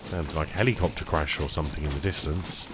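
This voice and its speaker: A man chatting casually while streaming a survival game, tired and rambling, easily excited by small finds. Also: rumbling low, fast, background noise. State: tired, yawning. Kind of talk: casual live-stream commentary.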